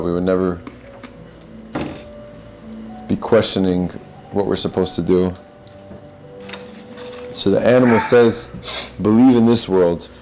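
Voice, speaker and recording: Deep-voiced man giving earnest spiritual talk. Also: darkish tone, poor audio. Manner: earnest, searching, repeats and restarts phrases. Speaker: podcast host.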